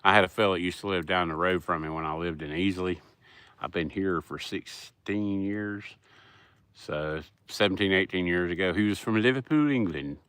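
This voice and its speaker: A middle-aged man with a Southern US accent and a low, somewhat bright voice hosts a casual livestream. He rambles in a folksy way while answering chat, and the recording has no echo.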